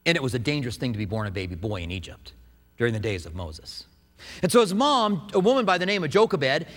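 Animated preacher in an echoing hall. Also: male voice, mid-range voice. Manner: animated, conversational, asks the congregation questions. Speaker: pastor. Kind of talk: sermon.

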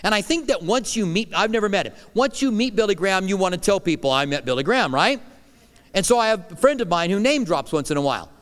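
Middle-aged male pastor, emphatic sermon delivery that rises loud and drops hushed, resonant voice, church hall reverb. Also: high-pitched, animated, fast. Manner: emphatic preaching, swinging between loud declarations and hushed lines.

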